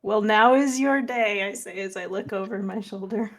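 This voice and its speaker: A woman's voice: medium pitch, moderate pace. A woman playing a tabletop game, speaking bluntly for her character. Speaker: player.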